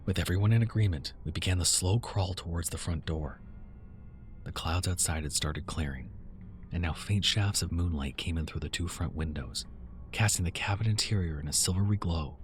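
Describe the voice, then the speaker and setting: Deep-voiced man narrating horror. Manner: tense, measured storytelling. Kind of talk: first-person horror story narration.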